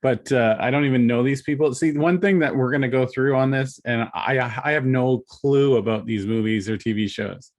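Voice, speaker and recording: A man's voice: medium pitch, normal speed. A man co-hosting a casual podcast chat, offhand and dismissive. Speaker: podcast co-host.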